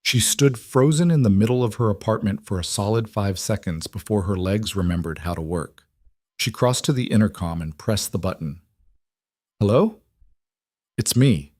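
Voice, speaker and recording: A man narrating a romance story in a steady, measured audiobook style. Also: fairly low pitch, no echo, clean studio sound.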